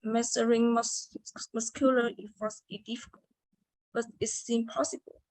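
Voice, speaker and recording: A woman's voice: on the high side, flat delivery, normal speed, a little mellow, dry recording, poor audio. A young woman giving a class presentation, reading carefully with hesitations and restarts. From Vietnam. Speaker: student presenter. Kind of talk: class presentation on word stress.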